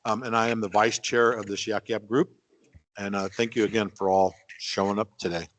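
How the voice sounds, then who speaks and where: A man's voice: on the low side, steady tone, fairly quick, a bit bright. A man who is vice chair of a group, introducing himself politely at a meeting. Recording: clear background noise.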